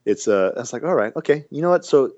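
A man co-hosting a podcast, rambling and animated in casual banter, full of restarts. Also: mid-range voice, fast talker, no echo, lo-fi sound. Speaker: podcast co-host.

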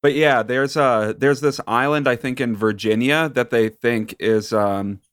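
An American man co-hosting a casual chat, with wry, deadpan jokes. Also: medium pitch, unhurried, clean tone, no echo. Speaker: podcast co-host.

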